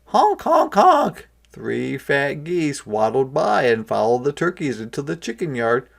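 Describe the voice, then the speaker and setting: A kindergarten teacher reading a picture book aloud, adding expressive asides and questions for young listeners. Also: medium pitch, moderate pace, creaky.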